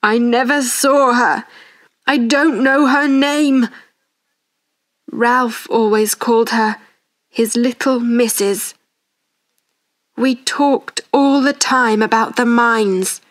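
Brief: woman reading a remorseful, anxious wealthy man, slow and earnest, fairly high-pitched. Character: grieving wealthy man, guilt-ridden, anxious.

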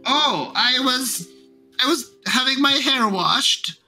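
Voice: sits high, lively intonation, takes it slowly, bright, forceful tone, soft background music, exaggerated voice, rough recording. A player voicing a sly old witch called Granny, delivering dry understatement. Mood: coy.

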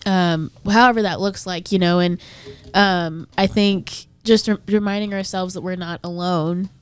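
A young woman, a worship leader guest, speaking thoughtfully and gently in a casual interview. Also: fairly low pitch, fairly even intonation, unhurried, smooth.

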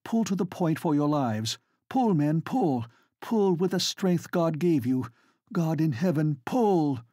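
Guy doing a high urgent young highland lady barking orders, husky edge, storybook reading. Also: expressive, normal speed, darkish tone, no echo, clean studio sound. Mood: urgent commands. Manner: urgent, commanding. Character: bold young Highland noblewoman, quick-witted commander. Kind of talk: audiobook character voice.

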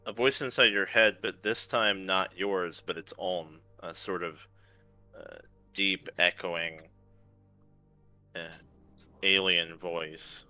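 A man running a tabletop science-fiction game as game master, narrating in a relaxed, matter-of-fact way with fillers. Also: low-pitched, slow pace, long pauses, faint music behind.

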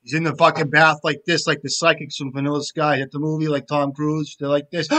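A man's voice: little pitch movement, fairly quick, hardly any pauses, sharp tone. Man muttering profane card-game commentary. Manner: profane, joking, trailing off into low mumbles. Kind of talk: casual commentary while playing.

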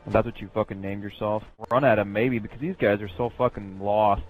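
A man's voice: on the low side, fairly even intonation, brisk, soft background music, rough recording. A young man giving a profane, mocking running commentary on an online match he is playing. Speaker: gamer commentating his match. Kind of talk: profane gameplay trash talk.

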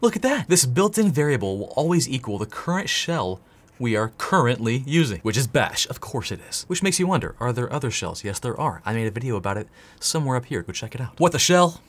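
A man's voice: mid-range voice, big pitch swings, a little fast. A man hosting a tech tutorial, playful and jokey, talking straight to the viewer as he types. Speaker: tech course host. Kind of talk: energetic screen-share tutorial.

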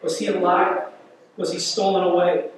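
A man's voice: high-pitched, little pitch movement, moderate pace, noisy background. A man preaching a sermon as pastor, retelling a scripture story vividly and repeating words as he builds intensity. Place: church. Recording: echoey church hall, mic at a distance.

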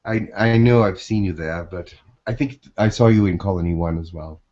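A man channeling a gentle, reassuring human telepath from the space colonies, speaking slowly and hesitantly with many restarts, in a webinar session. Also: sits low. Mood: calm. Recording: dull lo-fi webinar audio.

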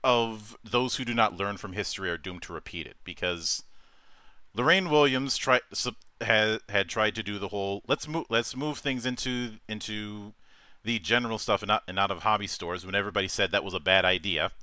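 A man's voice: on the low side, a little fast, bright, forceful tone, no room sound. A man hosting a casual talk stream, rambling with many restarts and frequent chuckles. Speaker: host. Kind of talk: casual chat.

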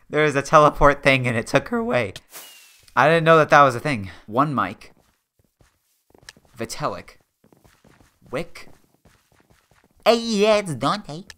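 A man's voice: mid-range voice, big pitch swings, slow pace, pauses often, sharp tone. Joking young man narrating his game.

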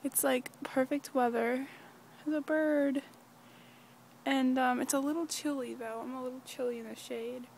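Giggly high-pitched teen girl vlogging. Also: fairly even intonation, moderate pace, vocal fry, a little hiss or hum. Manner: chatty, rambling, giggly; walking and talking softly outdoors. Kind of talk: casual daily vlog. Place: quiet suburban neighborhood outdoors.

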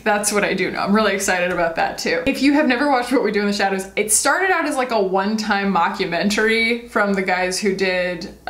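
A woman's voice: mid-range voice, fairly bright tone. A woman in her thirties chatting casually about her monthly favorites as a beauty vlogger, rambling and self-deprecating. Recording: roomy echo.

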